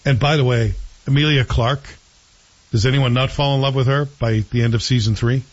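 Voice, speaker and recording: A man's voice: medium pitch, steady tone, normal speed. A man hosting a casual chat show, rambling through his opinions on a TV series and often correcting himself. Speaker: host reviewing TV series. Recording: dull lo-fi sound.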